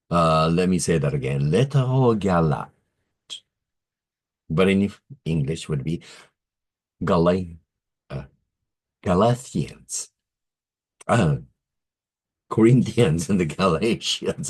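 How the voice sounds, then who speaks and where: A deep, husky-voiced man teaching a language lesson at a slow, deliberate pace. His pitch rises and falls a lot as he repeats each word and corrects himself, with the odd chuckle. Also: a little mellow.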